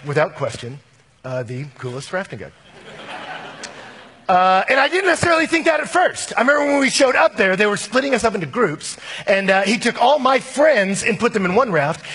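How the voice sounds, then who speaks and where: A middle-aged man preaches in a church sanctuary, his voice high and husky. He tells the story with animated, lively swings and acts out the voices of the people in it. The sound rings with the long reverb of a large hall. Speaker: pastor. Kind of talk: sermon with a personal story.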